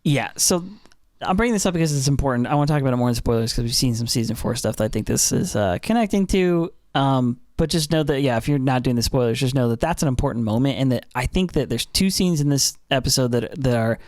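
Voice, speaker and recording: Animated young man recapping anime. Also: medium pitch, quick pace, no echo, studio quality. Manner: animated, lots of fillers and restarts. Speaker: podcast co-host. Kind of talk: casual podcast recap.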